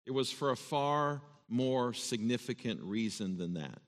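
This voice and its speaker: Male pastor, earnest emphatic sermon delivery, mid-pitched voice, long church-hall reverb. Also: expressive, a little slow. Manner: earnest, emphatic, repeats words when stressing points. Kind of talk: sermon with scripture reading. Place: church sanctuary.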